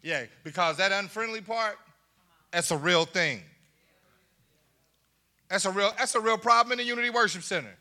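A pastor preaching with great animation, his voice swinging widely up and down. He talks to the congregation directly, asks if they are ready and laughs between points. The man's tone is very bright and high. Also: moderate pace, pauses often. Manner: animated preaching, laughing asides, call and response. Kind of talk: sermon.

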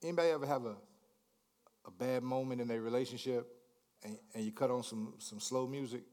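A man preaching a sermon, repeating words in stammering restarts, asking the congregation questions and swinging from hushed lines to shouted climaxes. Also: medium pitch, steady tone, fairly quick. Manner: repetitive stammering restarts, call-and-response questions. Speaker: pastor.

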